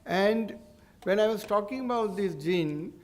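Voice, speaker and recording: A man with an Indian English accent lectures the public as a neurologist, his voice sitting high with lively intonation. He explains things earnestly, stopping and restarting as he goes.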